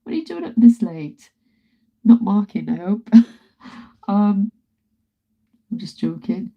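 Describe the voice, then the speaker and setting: A woman's voice: mid-range voice, very animated, slow, vocal fry, highs cut off. A woman in her thirties, an artist chatting casually on a live stream, laughing often and greeting viewers as she works in her studio. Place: home art studio.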